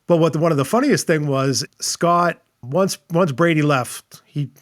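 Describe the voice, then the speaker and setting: A man with a fairly high-pitched voice, recalling an experience earnestly as a podcast guest. He often restarts his sentences, and the sound is dry and close. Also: a little slow, no echo. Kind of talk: casual chat.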